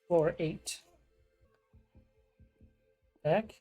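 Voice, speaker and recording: A man's voice: a little high, drawn-out words, mellow, soft background music. A man, host of a gaming channel, reading a game's dialogue aloud with dry, wry asides.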